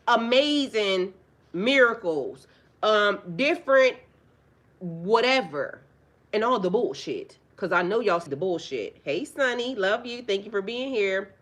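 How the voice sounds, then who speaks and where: A woman's voice: medium pitch, expressive, slow pace, a bit bright. A woman, a spiritual life coach, talking casually on a livestream: blunt, profane and preachy, firing rhetorical questions and repeating phrases for emphasis. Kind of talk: casual livestream talk to viewers.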